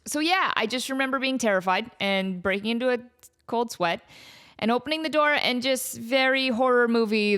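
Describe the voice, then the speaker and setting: A woman in her thirties hosting a podcast, telling a story in an animated, chatty way with lots of likes and ums. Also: mid-range voice, a little fast, smooth. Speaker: podcast host. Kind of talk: casual storytelling.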